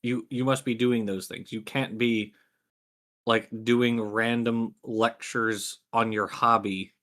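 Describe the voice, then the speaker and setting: A man with a Southern US accent bantering wryly as a stream guest. His voice is forceful and bright, set at a middle pitch. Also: little pitch movement, takes it slowly. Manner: wry, joking banter. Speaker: guest co-host. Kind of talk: casual live-stream chat.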